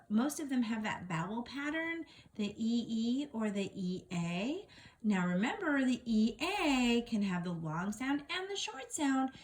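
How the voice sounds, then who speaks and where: A woman teaching a phonics lesson to young children, sounding out words slowly and encouragingly. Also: medium pitch. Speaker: reading teacher.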